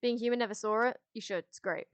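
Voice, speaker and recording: A woman streaming on a headset mic, chatting with her viewers in a loose, rambling way. Her voice sits a bit higher than most, and she often restarts sentences and swears casually. The sound is close and dry. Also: fairly even intonation, fast talker, clear, resonant tone, dry recording. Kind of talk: casual livestream chat, answering chat.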